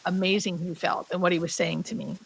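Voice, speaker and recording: This fairly low voice has little pitch movement and a breathy edge, and she talks fast on a rough recording. A hospice nurse guest in her thirties, she tells an emotional personal story sincerely, saying "like" often and whispering when quoting others.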